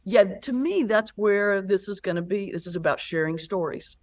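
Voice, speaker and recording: A woman's voice: medium pitch, normal speed. A woman pastor and comedian, a guest in a conversational interview, telling stories and acting out the voices in them. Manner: lively storyteller who acts out quoted voices.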